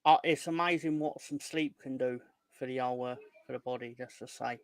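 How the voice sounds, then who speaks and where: A man's voice: medium pitch, fairly even intonation, brisk, clear, resonant tone, no room sound. A man co-hosting a casual fan podcast, jokey, greeting viewers one by one. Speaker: co-host.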